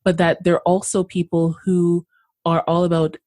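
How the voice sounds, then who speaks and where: A woman's voice: lowish voice, flat delivery, moderate pace, mellow. A woman hosting a podcast interview who reflects back and affirms her guest in a casual, conversational way. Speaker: podcast host.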